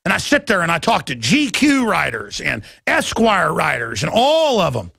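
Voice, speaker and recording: A man's voice: sits high, wildly swooping pitch, normal speed, creaky, sharp tone, no room sound, studio quality. A man in his thirties hosting a talk radio show, delivering an impassioned, ranting monologue. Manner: impassioned, ranting, mimics others in quoted voices. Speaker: radio host.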